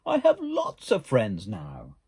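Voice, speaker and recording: A man's voice: high-pitched, wildly swooping pitch, measured pace, mellow, breathy edge, pitched above the performer's own voice, exaggerated voice. A man voicing a small eager young beaver. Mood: joyful. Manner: wistful, questioning.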